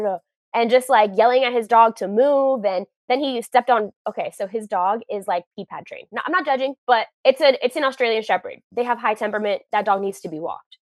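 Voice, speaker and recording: A woman's voice: a little high, dry recording. Chatty young woman caller. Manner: animated retelling, acts out others' lines, many "like"s. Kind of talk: casual storytelling on a call-in show.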